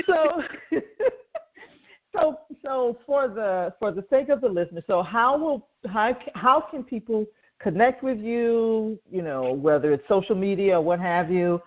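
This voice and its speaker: A woman's voice: medium pitch, expressive, slow pace, lo-fi sound. A woman hosting a podcast interview, encouraging and affirming her guest with frequent murmurs of agreement. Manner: encouraging, lots of backchannel "mm-hmm". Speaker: podcast host. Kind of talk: casual interview chat.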